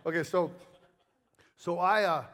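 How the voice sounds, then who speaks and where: A male preacher giving a sermon, telling stories in a rambling, animated way full of jokes and asides. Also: sits high, a little slow.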